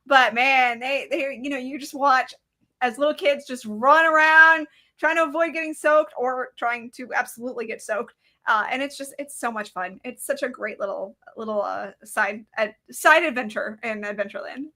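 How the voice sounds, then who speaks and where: Woman podcast co-host, high bright voice, upbeat casual chat. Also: normal speed.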